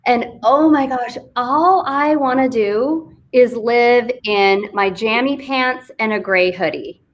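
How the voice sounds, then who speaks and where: A woman's voice: fairly high pitch, slow, a little hiss or hum. A woman from Texas, an author and business coach, telling a candid, self-deprecating story in a casual interview on a live online stream. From Fort Worth, Texas. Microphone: live online video stream.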